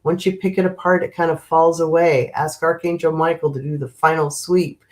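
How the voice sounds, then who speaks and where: A woman hosting a spiritual livestream, chatting gently with viewers and rambling through many fillers and restarts. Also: sits low, level tone, normal speed. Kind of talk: casual live chat with viewers.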